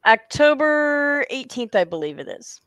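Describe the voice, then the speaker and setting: A woman's voice: high-pitched, very animated, measured pace, a bit bright, smooth, no room sound. A woman hosting an author interview, chatting casually with short, encouraging replies. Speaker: interviewer host.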